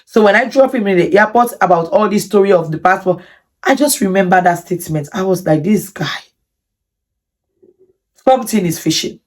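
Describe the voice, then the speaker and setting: A woman vlogger telling a personal story to camera in an animated, indignant way, with many repetitions. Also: mid-range voice, fast. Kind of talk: storytime vlog.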